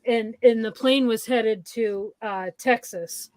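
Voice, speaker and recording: A woman walks through a horror movie's plot with her co-host, pausing often with ums and repeats. Her voice sits a bit high and sounds dry and close, with no room around it. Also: a little mellow, dry recording. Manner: halting, hesitant recounting with many fillers. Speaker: podcast co-host. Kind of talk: casual movie recap chat.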